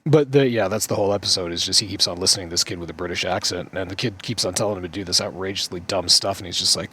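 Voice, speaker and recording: A man's voice: low voice, rapid-fire, hardly any pauses, sharp tone, breathy edge. A man co-hosting a podcast, rambling and laughing often, swearing freely in casual chat. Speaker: podcast co-host.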